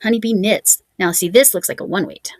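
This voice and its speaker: A woman's voice: medium pitch, fairly quick, slight background noise. A woman crochet vlogger chatting casually at home, musing aloud as she reads out yarn labels. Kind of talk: casual show-and-tell chat.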